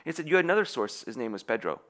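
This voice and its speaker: This man's mid-range voice races along as he delivers a sermon built around a spy story. Animated, he voices the characters' lines himself and keeps restarting.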